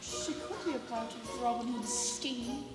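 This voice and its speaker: A woman's voice: on the high side, measured pace, lightly acted. An actress playing a sardonic servant woman with dry, muttered asides, in a live stage play. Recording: echoey hall, music behind.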